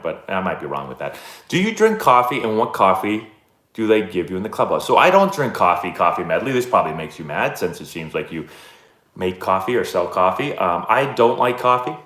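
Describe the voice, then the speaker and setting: A man's voice: fairly low pitch, roomy sound. A man from the Boston area hosting a casual live baseball stream, telling stories with lots of fillers and reading out viewer messages. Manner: animated storyteller, many fillers. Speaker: baseball channel host answering live chat. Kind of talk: casual livestream storytelling.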